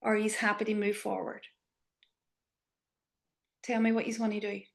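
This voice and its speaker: A woman teaching an online class on body awareness, asking the group probing questions and sometimes dropping to a soft whisper. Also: mid-range voice, little pitch movement, moderate pace, gravelly. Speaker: embodiment trainer.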